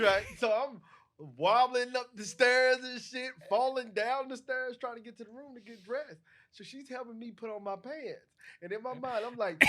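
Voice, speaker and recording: A man co-hosting a podcast, telling a story in casual, animated chat, laughing often and swearing freely. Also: high-pitched, no echo. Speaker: podcast co-host.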